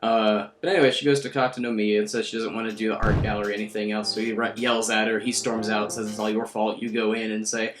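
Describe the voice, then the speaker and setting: A man's voice: on the low side, level tone, fast talker, hardly any pauses, over music. Rambling sarcastic young man recapping a game. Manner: rambling, sarcastic, crude, with fillers. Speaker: game video host. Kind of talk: casual game recap commentary.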